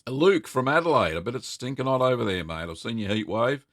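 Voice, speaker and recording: A man's voice: mid-range voice, big pitch swings, fairly quick, a bit bright, no echo, clean studio sound. A middle-aged Australian man hosting a casual live stream, rambling in a friendly way and greeting viewers by name. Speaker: host.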